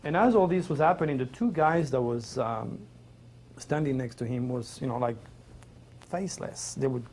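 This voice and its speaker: A middle-aged Frenchman with a French accent speaks in a rough, gravelly voice at a middle pitch. He tells his personal story in an earnest, rambling, emotional way. A faint hiss of noise sits under his voice. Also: darkish tone. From Provence, France. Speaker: interview guest.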